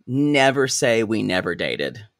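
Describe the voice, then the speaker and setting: A man in a casual podcast chat, using a lively, up-and-down voice at a middle pitch. He is wry and chatty and calls his listeners y'all. It is recorded close and dry. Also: unhurried, no room sound. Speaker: podcast co-host.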